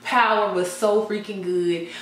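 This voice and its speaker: Woman vlogger, chatty gossip, boomy echoey room, sits back from the mic. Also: fairly even intonation, unhurried, recorded from a distance. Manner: chatty, laughs often, trails off with "I don't know". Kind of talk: casual gossip chat.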